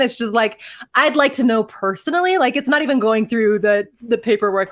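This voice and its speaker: A woman in her thirties from Canada, co-hosting a podcast and telling stories in a casual, animated way with frequent laughs. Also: on the high side, a little fast. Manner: animated storytelling, laughs often. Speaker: podcast co-host. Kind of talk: casual chat.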